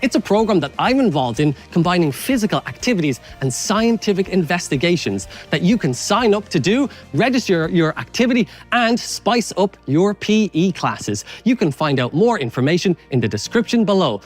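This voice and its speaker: An Irish man presenting science to children, leading an energetic, playful warm-up with jokes and instructions. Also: high-pitched, moderate pace, hardly any pauses, faint music behind. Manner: upbeat, playful, joking instructions.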